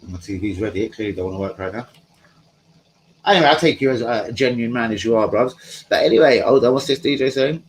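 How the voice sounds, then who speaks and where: A man's voice: medium pitch, a little fast, a little hiss or hum, low-quality recording. A man hosting a live stream from home, chatting casually in a rambling, slangy way and talking to his viewers. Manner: rambling, slangy, talks to chat.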